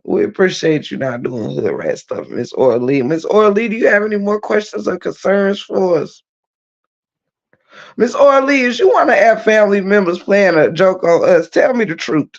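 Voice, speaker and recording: A woman hosting a casual livestream, teasing her viewers, breaking into laughter and loud exclamations. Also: mid-range voice, animated, normal speed, lo-fi sound. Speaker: livestream host.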